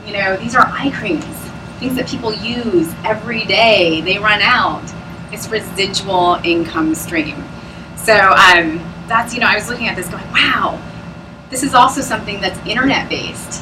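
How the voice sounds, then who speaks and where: A woman's voice: medium pitch, unhurried, far from the mic, background noise. A woman presenting at a business opportunity meeting, chatty and bubbly, often laughing as she talks to a live audience. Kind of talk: sales pitch talk to a live audience.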